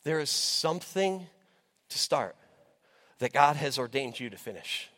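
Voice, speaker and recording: A man's voice: medium pitch, very animated, a little slow, fairly bright tone. A middle-aged American man preaching a sermon as pastor, passionate and exhorting, with frequent self-interrupting asides, sweaty and out of breath. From United States. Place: church sanctuary. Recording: long reverb of a large hall.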